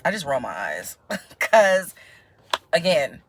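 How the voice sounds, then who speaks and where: Slow and low-voiced, this US vlogger chats to camera, laughing frequently and impersonating others in animated tones when quoting them. A little hiss or hum is audible.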